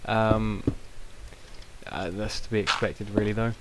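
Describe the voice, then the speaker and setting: A man's voice: on the low side, steady tone, a little slow. A young British man giving rambling, self-mocking casual gameplay commentary, with many ums. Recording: noisy home recording.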